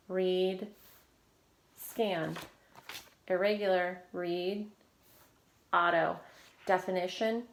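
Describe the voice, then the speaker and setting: A woman teacher leading a phonics lesson for children, slowly drilling sounds and praising often. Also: medium pitch. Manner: slow, encouraging, drilling sounds with frequent praise. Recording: echoey room with faint noise.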